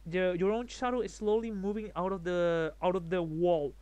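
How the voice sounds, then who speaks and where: A man running a tabletop role-playing game as game master, narrating scenes in a halting, descriptive way. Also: high-pitched, fairly even intonation, darkish tone, smooth, dry recording.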